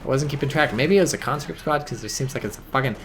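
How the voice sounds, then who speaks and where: A man giving casual, rambling game commentary full of swearing, tired and a bit drunk, with sudden bursts of excitement. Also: mid-range voice, very fast, slight background noise.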